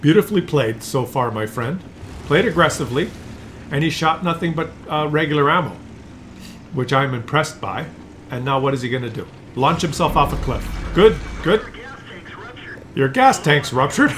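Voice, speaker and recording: A man casually commentates a tank battle replay, chatting to his viewers and teasing the player he watches. His voice sits a little high for a man. A faint hiss of background noise runs under the recording. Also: lively intonation, moderate pace, fairly bright tone. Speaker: game commentator.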